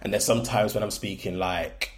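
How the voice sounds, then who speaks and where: A young podcast host from Birmingham, England, talks a little fast in a lowish, steady voice. On his casual solo show his Brummie accent slides toward London, and his frank chatter is full of ums and likes.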